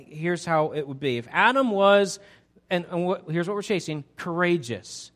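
Upbeat pastor man, chatty sermon. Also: sits high. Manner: energetic, chatty, frequent restarts. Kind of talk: interactive sermon.

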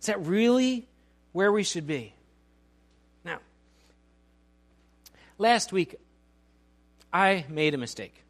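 A man's voice: sits high, big pitch swings, slow, pauses often. A middle-aged male pastor giving a conversational sermon, often restarting his sentences and poking fun at himself. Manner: conversational, self-deprecating preaching with many restarts.

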